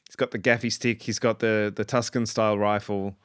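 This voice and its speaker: A man's voice: fairly low pitch, little pitch movement, brisk, clean tone, no echo, studio quality. An Australian man reviewing a show in a rambling, enthusiastic casual monologue full of ums and restarts. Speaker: pop culture commentator.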